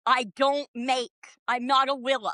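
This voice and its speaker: High, bright-voiced woman ranting profanely. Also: little pitch movement, a little slow, no echo. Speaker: comedian guest. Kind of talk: casual podcast chat.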